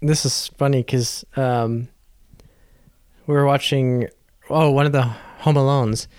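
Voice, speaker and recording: A man's voice: medium pitch, steady tone, a little slow, a little mellow, smooth, no echo, studio quality. A man co-hosting a podcast in casual chat, easygoing and playful, chuckling now and then. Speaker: podcast co-host.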